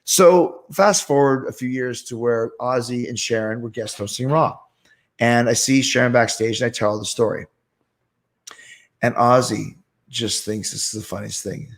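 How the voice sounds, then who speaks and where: A man's voice: mid-range voice, moderate pace. Profane storytelling male host. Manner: animated, profane anecdote telling. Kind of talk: casual storytelling.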